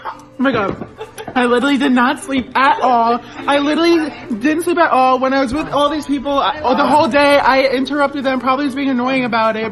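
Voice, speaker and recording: A man giving an excited confessional as a reality game contestant, screaming and tearful with joy. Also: very high-pitched, fairly quick, poor audio. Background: background music.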